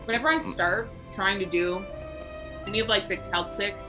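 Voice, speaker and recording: A woman's voice: medium pitch, normal speed, music in the background, low-quality recording. A woman chatting playfully with other players, teasing them and laughing often. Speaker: tabletop game player. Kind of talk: casual group chat.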